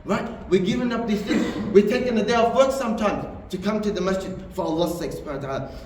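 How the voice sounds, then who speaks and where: A man with a high-pitched voice delivers a sermon, earnest and repetitive for emphasis. He stands at a distance from the microphone in a large mosque hall, where the sound rings with a long echo. A faint hum of background noise sits under his voice. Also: fast talker, a little mellow. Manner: earnest, repeats phrases for emphasis. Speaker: preacher.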